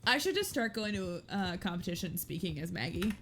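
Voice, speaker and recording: A woman's voice: lowish voice, big pitch swings, fairly quick, a bit bright. A woman in her thirties talks loosely to her stream between bits of a roleplay game. She jokes at her own expense, laughs easily and drops the odd swear word, with a faint hiss of noise under her voice. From Texas. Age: 30s. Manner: chatty and self-mocking, laughs often and swears casually. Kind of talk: casual chat.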